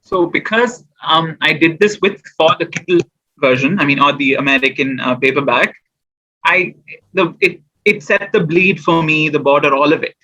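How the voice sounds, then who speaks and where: Man, rambling casual chat, fairly high bright voice, dull lo-fi call audio. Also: moderate pace. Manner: chatty, rambling with fillers and restarts. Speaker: guest poet and small business owner.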